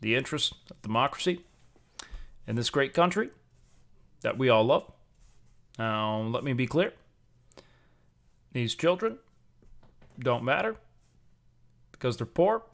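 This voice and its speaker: A man's voice: medium pitch, lively intonation, unhurried, gravelly, long pauses, fairly bright tone. A man playing a callous male politician, giving a mock-solemn speech.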